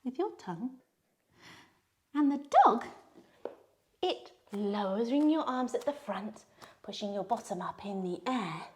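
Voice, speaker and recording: A woman's voice: mid-range voice, lively intonation, measured pace, pauses often, slight background noise. A woman leading a playful children's yoga session, telling a story with sound effects. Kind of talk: guided kids' yoga story.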